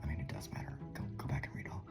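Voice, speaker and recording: A man's voice: racing, darkish tone, whispered, soft background music. A man with a Southern drawl, hosting a channel and casually talking through articles he read, rambling with asides and mutters while speaking to his own camera. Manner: rambling, self-interrupting, drops into asides and mutters. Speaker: channel host. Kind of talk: casual commentary on reading articles.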